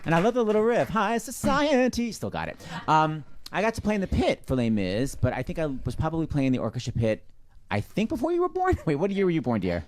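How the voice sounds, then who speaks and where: A man's voice: on the high side, huge pitch swings, quick pace, hardly any pauses, a little mellow, dry recording. A man hosting an interview show, who speaks in a teasing, jokey way. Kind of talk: chatty interview.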